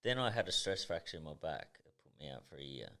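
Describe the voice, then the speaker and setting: His voice rumbles low yet sounds bright and forceful, very animated and quick. The speaker is a professional boxer in his 30s from Tasmania, Australia, guesting on a podcast and spinning casual stories with bluntness, intensity and plenty of swearing.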